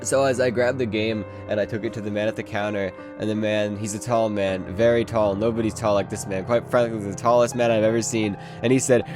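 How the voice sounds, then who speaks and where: A man's voice: on the low side, fairly even intonation, fast talker, few pauses, soft background music. A man narrating a parody horror story in a mock-serious, absurdly rambling way. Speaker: comedic narrator.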